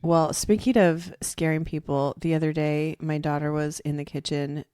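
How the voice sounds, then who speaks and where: Low-voiced, giggly woman co-host. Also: steady tone, normal speed, a little mellow, clear, resonant tone, dry recording. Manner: giggly, chatty, laughs often. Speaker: podcast co-host. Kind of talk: casual chat.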